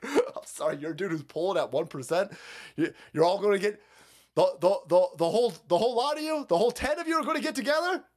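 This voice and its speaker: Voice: mid-range voice, lively intonation, fast talker. A livestream host ranting about politics, reading out viewer comments and mocking them with heavy profanity. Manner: reads and mocks viewer comments.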